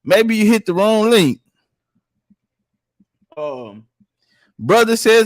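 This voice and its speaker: A man's voice: high-pitched, lively intonation, slow pace, pauses often, dry recording. A man telling profane stories in casual chat and acting out the people he quotes. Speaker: podcast guest. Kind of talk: casual storytelling.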